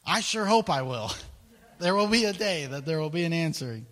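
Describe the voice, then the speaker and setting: A man preaching a sermon, retelling scripture in an animated storytelling way and laughing often. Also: on the high side, a little fast, long reverb tail.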